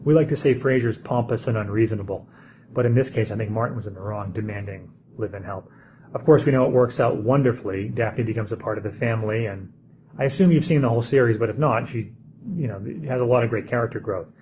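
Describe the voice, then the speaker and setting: Man in his own relaxed voice, easygoing episode reviewer, thinks aloud, faint background noise. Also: lowish voice, quick pace, poor audio. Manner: chatty, thinking aloud with fillers. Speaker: TV show reviewer. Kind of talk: casual spoken commentary.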